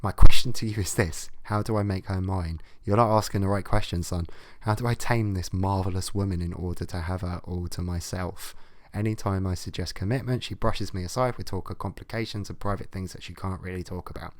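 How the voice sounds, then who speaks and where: A man's voice: low-pitched, steady tone, a little fast, a little mellow, no room sound. A man hosting a comic show, reading out advice letters and ranting about them with blunt, sweary sarcasm. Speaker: host reacting to advice letters.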